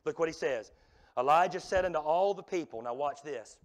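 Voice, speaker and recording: Man, revival preacher, high voice, loud-to-hushed swings, church sanctuary. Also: animated, brisk. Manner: swings from loud exhortation to hushed near-whisper. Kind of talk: revival sermon.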